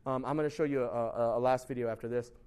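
A man giving a casual, animated sermon as a pastor, often asking "right?" and laughing at himself. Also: mid-range voice, fast, clean tone. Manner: chatty, animated, constant rhetorical "right?"; laughs at himself, shouts for emphasis.

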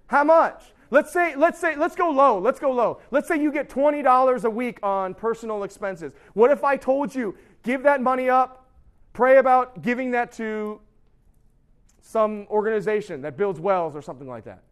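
A young man preaches to a youth group in a loose, conversational way, often slipping into playful impressions of his students' excuses. His voice sits high and lively. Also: normal speed. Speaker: youth pastor. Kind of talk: youth sermon.

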